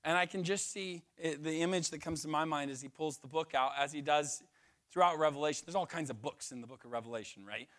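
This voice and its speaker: A man's voice: a little high, quick pace, a bit bright. A man preaching a sermon in a conversational way, tagging his points with "right?" and dropping in joking asides. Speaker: pastor.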